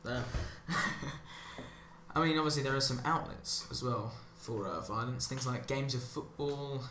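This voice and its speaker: A man's voice: mid-range voice, measured pace, noisy background. A man giving a rambling, sarcastic monologue as commentary over gameplay, drifting onto tangents. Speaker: commentary channel host. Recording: roomy echo with faint ambience.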